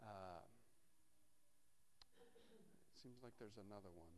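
A man's voice: fairly low pitch, takes it slowly, background noise. A man preaching a sermon, reading scripture aloud and breaking off into wry, conversational asides to his congregation. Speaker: pastor.

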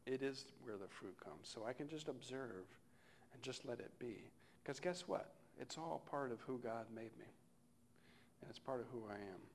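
Male pastor, middle-aged, easygoing reflective sermon, average pitch, softens to near-whisper at phrase ends. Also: normal speed, slight background noise. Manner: conversational, reflective, often dropping to a soft close.

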